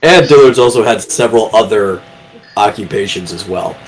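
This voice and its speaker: A man's voice: lowish voice, lively intonation, moderate pace, slight background noise, rough recording. A man hosting a casual live stream, explaining things in an easygoing, rambling way.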